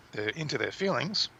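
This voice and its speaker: A man co-hosting a casual conversation, explaining ideas thoughtfully with pauses. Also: a little high, vocal fry, bright, forceful tone, husky. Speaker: podcast co-host. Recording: dull lo-fi sound with faint noise.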